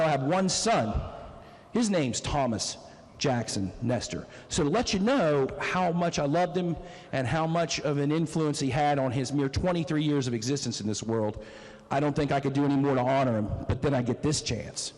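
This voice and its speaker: Emotional lawmaker, echoing chamber. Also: male voice, on the high side, fairly quick, a little mellow. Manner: emotional, storytelling, emphatic. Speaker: state legislator. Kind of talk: floor speech. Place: legislative chamber. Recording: long reverb of a legislative chamber.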